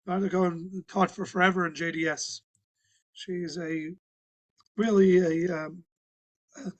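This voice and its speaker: A male rabbi delivering a sermon as a conversational story, halting with frequent restarts and fillers. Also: high voice, poor audio. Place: synagogue.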